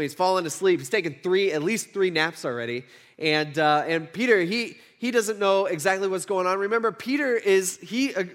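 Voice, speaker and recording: Speaking in a high voice, this man walks through a Bible passage in a relaxed, chatty way, peppered with filler words and frequent little "right?" check-ins.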